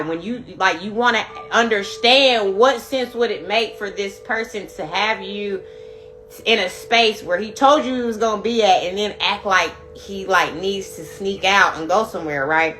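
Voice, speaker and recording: Bright, emphatic woman with faint music behind. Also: medium pitch, normal speed. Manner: emphatic, profane, addresses viewers directly. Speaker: live-stream host. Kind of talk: casual storytelling to viewers.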